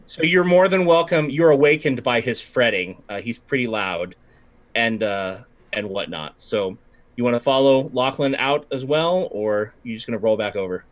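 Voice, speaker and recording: A man narrating as game master of a tabletop game, relaxed and rambling, correcting himself as he goes. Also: medium pitch, normal speed.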